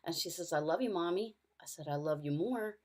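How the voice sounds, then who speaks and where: A middle-aged woman sharing a personal caregiving story in an earnest, storytelling way over a video call, going soft and quiet in the hardest parts. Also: on the low side, a little fast. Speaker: caregiver speaker. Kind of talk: personal testimony talk.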